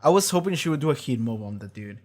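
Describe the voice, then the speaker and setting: Speaking fast in a mid-range voice, a man reacts on stream from home, loose and animated, cursing frequently and starting his sentences over as he rambles.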